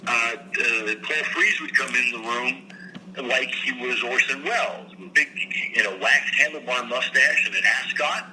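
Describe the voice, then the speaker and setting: A man talks in a loose, storytelling way, and his voice has a sharp, bright edge. He sounds animated as he describes people he has worked with. A faint hiss sits under the recording. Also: mid-range voice, measured pace, low-quality recording. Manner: animated, slips into impressions. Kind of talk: casual storytelling chat. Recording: faint background noise.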